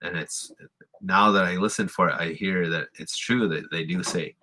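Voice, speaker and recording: A man giving a relaxed spoken language lesson, explaining with fillers and repeating example words slowly. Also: low voice. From Lakota community in the US. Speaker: language teacher.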